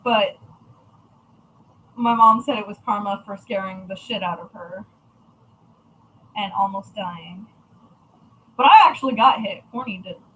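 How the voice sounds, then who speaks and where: A woman's voice: mid-range voice, measured pace, pauses often, fairly bright tone, breathy edge, poor audio. A young adult woman chatting casually to viewers, blunt and chatty with frequent swearing. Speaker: crafting channel host.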